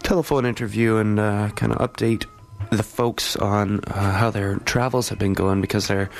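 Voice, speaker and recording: A man's voice: fairly low pitch, fairly even intonation, moderate pace, gravelly, soft background music. A man hosting a morning show in a radio studio, casually back-announcing songs with lots of fillers. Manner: laid-back, rambling with many fillers. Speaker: radio host.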